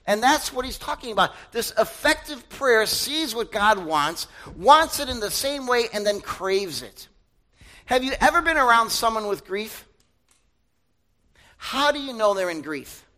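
A young male pastor gives a conversational sermon. His voice sits high and sounds bright and forceful. He asks the congregation questions and acts out other people's voices, sometimes shouting them. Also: expressive, a little slow, rough recording. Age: young adult.

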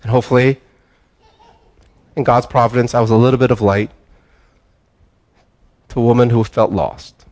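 Older pastor preaching conversationally. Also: male voice, medium pitch, fairly even intonation, moderate pace, long pauses. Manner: conversational storytelling, with restarts and soft laughs. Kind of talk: sermon.

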